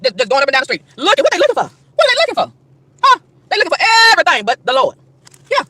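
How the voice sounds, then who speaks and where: A woman's voice: sits high, wildly swooping pitch, rapid-fire, pushed and bright, no echo. A woman outdoors in a park, delivering an emphatic, preachy rant to camera, firing rhetorical questions and tripping over repeated words. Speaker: vlogger.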